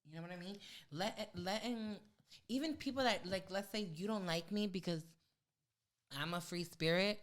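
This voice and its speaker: A woman's voice: medium pitch, normal speed. A woman talking in a casual podcast debate, rambling with many fillers and restarts.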